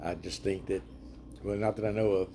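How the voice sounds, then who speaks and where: A man leading a casual group Bible study, chatty and animated, laughing often as he retells the story. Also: sits low, brisk, vocal fry, a little hiss or hum.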